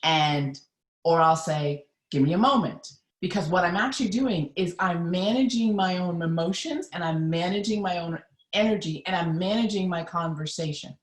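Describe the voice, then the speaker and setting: A woman with a slightly low voice coaches her viewers on a live stream. She speaks earnestly and with emphasis, addressing them directly. Her voice carries a roomy echo. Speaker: mindset coach.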